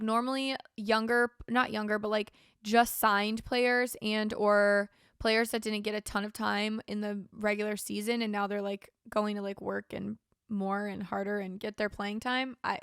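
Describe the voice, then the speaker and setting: Young woman, podcast host, tired, sore throat, rambling chat, smooth clear voice, dry close mic. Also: mid-range voice, fairly bright tone, no room sound. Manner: rambling, frequent "like" and "um". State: tired, yawning. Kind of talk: casual solo podcast chat.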